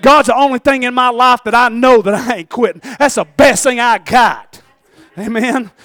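A man preaching a fervent sermon with sudden shouted bursts. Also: extremely high pitch, moderate pace, dry recording.

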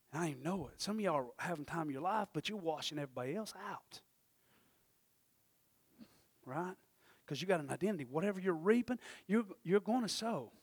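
A middle-aged male pastor, preaching a sermon with lively storytelling that swings from loud to hushed. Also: on the high side, slightly rough, no echo.

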